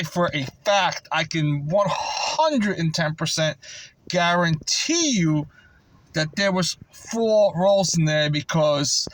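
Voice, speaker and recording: A man's voice: high-pitched, no echo, rough recording. A man telling a story to camera in an aggrieved, insistent way, repeating himself and stumbling over restarts. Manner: frequent stammered restarts. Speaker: vending route operator.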